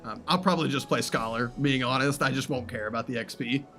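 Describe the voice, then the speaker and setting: A man from the southern United States chatting casually on a game stream, self-mocking and quick to laugh. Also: mid-range voice, bright, forceful tone, soft background music. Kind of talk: casual gaming stream chat.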